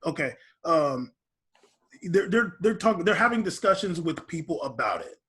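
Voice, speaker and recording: A man's voice: a little high, big pitch swings, moderate pace, fairly bright tone, breathy edge. A man co-hosting a podcast, chatting casually and rambling with lots of fillers and restarts. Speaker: podcast co-host.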